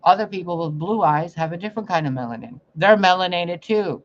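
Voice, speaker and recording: A man's voice: high voice, a little fast. Profane ranting man, muffled lo-fi audio. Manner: profane, confrontational, preachy. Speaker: psychic reader. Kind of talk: ranting spiritual monologue. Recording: muffled lo-fi recording, faint noise.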